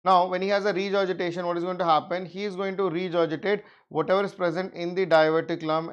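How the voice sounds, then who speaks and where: A man's voice: sits high, quick pace, few pauses, clear, resonant tone, lo-fi sound. A middle-aged man with an Indian English accent teaching surgery, telling a patient story and acting out the dialogue. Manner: animated storyteller, acts out dialogue, mixes in Hindi. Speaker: surgery lecturer. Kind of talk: medical lecture with anecdote.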